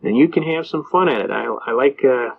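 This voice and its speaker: An older man lecturing in a rambling, folksy storytelling way, often pausing with "uh". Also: mid-range voice, vocal fry, a little hiss or hum. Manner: rambling, folksy, with frequent "uh" fillers. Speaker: lecturer on citizens' rights. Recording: dull lo-fi recording.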